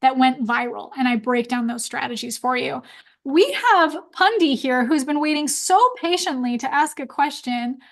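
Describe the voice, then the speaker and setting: High-voiced chatty woman hosting a webinar. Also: moderate pace. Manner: chatty, upbeat, quotes clients in voices. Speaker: webinar host. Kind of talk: live Q&A webinar.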